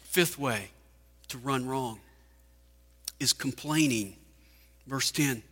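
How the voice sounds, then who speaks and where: A man's voice: mid-range voice, takes it slowly, pauses often, a bit bright, husky. A man preaching a sermon, firing off rhetorical questions with emphasis. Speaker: pastor. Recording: hall reverb.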